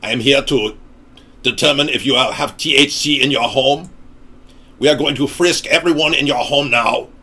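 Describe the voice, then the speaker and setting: A cold, menacing robot cop barks orders in a stiff, measured cadence as a man puts him on. The voice sounds set back from the mic. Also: mid-range voice, sharp tone, husky, voice pushed up. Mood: commanding. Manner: stiff, commanding. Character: male robot police officer, cold and menacing.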